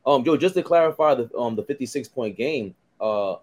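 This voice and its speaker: A man's voice: mid-range voice, expressive, fairly quick, darkish tone. A young man on a sports podcast panel, chatting casually and chiming in with facts. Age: young adult. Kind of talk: casual chat.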